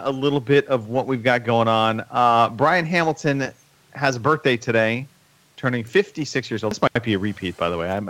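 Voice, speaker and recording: A man hosts a casual podcast with his friends, joking loosely and often stumbling into restarts. His voice is at an ordinary male pitch, caught close on a dry mic with no room sound. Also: a bit bright, no room sound. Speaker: podcast host. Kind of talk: casual chat among friends.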